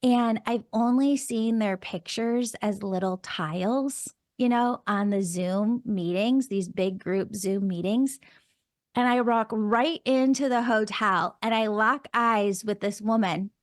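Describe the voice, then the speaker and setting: A woman's voice: medium pitch, slow, no echo, clean studio sound. A woman hosting a podcast, telling a story in casual chat with gushing enthusiasm and lots of "like" and "oh my God". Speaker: podcast host and medium.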